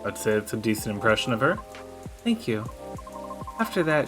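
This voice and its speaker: A man's voice: mid-range voice, big pitch swings, moderate pace, long pauses. A man streaming a game, chatting jokily, swearing and reading the dialogue aloud. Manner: jokey, swears, sings silly songs, reads lines in character voices. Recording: gaming stream with background music. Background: game music.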